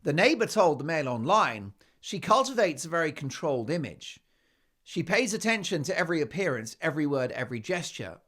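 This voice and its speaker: A British man delivers a sarcastic, opinionated talk-show monologue. His voice sits fairly high and moves a great deal, jumping up for emphasis and then dropping low. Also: sing-song, brisk. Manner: sarcastic, emphatic, swings between loud and quiet.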